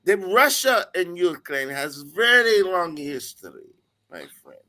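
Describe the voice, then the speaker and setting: Bright-voiced, profane podcast man. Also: high-pitched, big pitch swings, a little slow. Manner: blunt, profane, talks over others. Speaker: podcast co-host. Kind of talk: casual panel debate.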